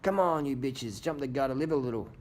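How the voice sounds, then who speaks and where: A brash male pro cyclist, crude and goading, jeers at the riders behind him to work harder. A man puts him on in the middle of his commentary. The voice sits in a middling pitch. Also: fast, darkish tone, a little hiss or hum, natural voice. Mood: taunting.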